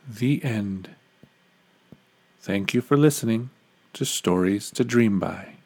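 A man reading a bedtime story aloud, calm, gentle and soothing. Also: fairly low pitch, slow pace, long pauses.

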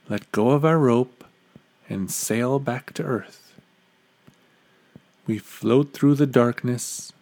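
A man reading a bedtime story aloud, calm, gentle and soothing. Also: medium pitch.

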